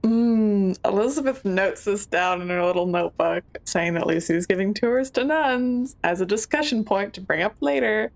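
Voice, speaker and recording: A woman's voice: mid-range voice, normal speed, gravelly, hardly any pauses. A woman taking part as a player in a tabletop role-playing game, easygoing as she describes her character's actions.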